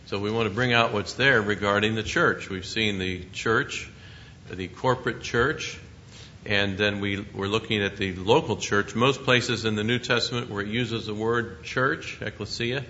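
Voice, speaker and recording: Bright, forceful man teaching the Bible. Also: lowish voice, steady tone, slight background noise. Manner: measured, explanatory. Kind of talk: Bible study lesson. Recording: muffled lo-fi recording.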